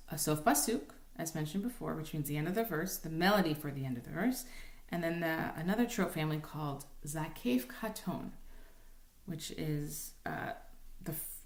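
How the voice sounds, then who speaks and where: A woman's voice: low voice, reverberant. A woman cantor explaining how to chant Torah in a casual lesson, with many ums and rhetorical "right?". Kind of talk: informal recorded lesson with sung examples.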